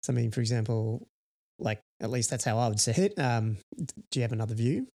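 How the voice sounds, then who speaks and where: Man, startup podcast co-host, casual chat, rambling, lots of fillers, mid pitch. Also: animated, fast, dark tone. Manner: rambling, heavy use of "you know" fillers.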